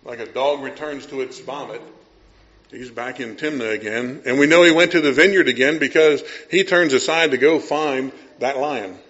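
Man, middle-aged pastor, storytelling sermon, swings from hushed to loud, dull lo-fi sound. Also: medium pitch, moderate pace.

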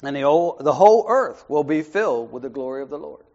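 A man leading an informal Bible study, talking in a conversational way that swings from soft asides to raised emphasis and keeps checking in with "right?". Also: a little high, lively intonation, fast. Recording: muffled lo-fi recording.

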